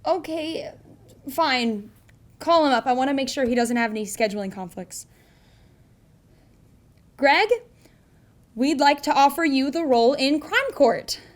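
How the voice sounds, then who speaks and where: A woman's voice: high-pitched, expressive, a little slow, long pauses. A woman playing an anxious, pleading casting director who runs auditions over a video call in a comedy sketch. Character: desperate, high-strung female casting director.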